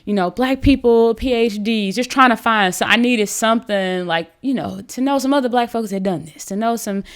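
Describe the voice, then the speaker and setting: A woman guest on a podcast, telling a story in a casual, animated way with many fillers and restarts. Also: fairly high pitch, normal speed, clear, resonant tone.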